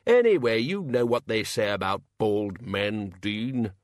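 A man voicing a bluff, hearty older male wizard in charge, speaking slowly and bluntly in an audiobook. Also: lowish voice, lively intonation, dry recording, clean studio sound.

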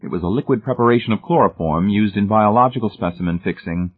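A man narrating a story as an audiobook in an even, measured way. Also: on the low side, breathy edge. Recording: tinny, phone-like narrow sound.

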